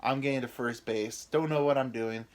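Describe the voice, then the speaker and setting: A man's voice: mid-range voice, steady tone, normal speed. A man in his thirties hosting a podcast, telling rambling, self-deprecating comic stories about his anxiety with women. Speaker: podcast host. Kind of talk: rambling comedic storytelling.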